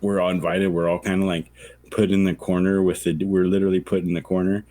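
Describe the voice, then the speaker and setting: Man, low voice, podcast co-host, casual storytelling, swears a lot, acts out quotes. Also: little pitch movement, fast talker, dark tone, no room sound. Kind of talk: casual chat.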